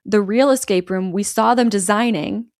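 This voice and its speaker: A young woman tells a story in an animated, chatty way and slips into quick quoted lines from the characters. Her voice sits at a middle pitch. The sound is dry and close to the mic. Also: no room sound. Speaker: podcast co-host recapping a film. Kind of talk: casual chat.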